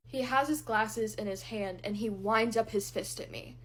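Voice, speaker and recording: A young woman speaks in a storytime vlog, recounting events plainly and bluntly while getting ready. Her voice sits at a middling pitch for a woman, and her delivery is candid and unvarnished, with occasional swearing. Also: fairly even intonation, moderate pace, hardly any pauses. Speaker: vlogger. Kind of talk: storytime while doing makeup.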